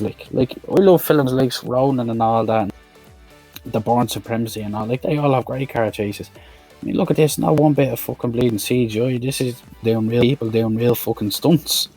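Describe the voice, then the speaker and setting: A man's voice: mid-range voice, dark tone, slightly rough. A man giving a blunt, swear-heavy review of an action film, talking casually and with exasperation. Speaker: movie reviewer.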